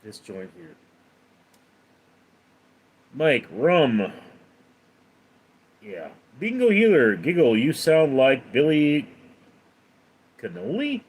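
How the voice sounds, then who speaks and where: Slow, rambling man answering chat. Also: mid-range voice, big pitch swings, husky. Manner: chatty and rambling, hesitant with ums. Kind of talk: casual live chat.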